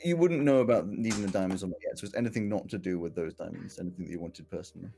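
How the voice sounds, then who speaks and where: A man narrating a tabletop game as game master, descriptive and halting, with many restarts. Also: sits low, gravelly, mellow, faint music behind.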